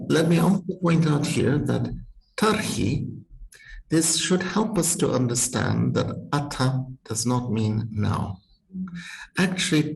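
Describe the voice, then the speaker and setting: A man's voice: medium pitch, vocal fry, a little mellow, poor audio. A man teaching as a university Sanskrit professor, thinking aloud with careful restarts and small laughs, talking over a video call. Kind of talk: university text-reading seminar.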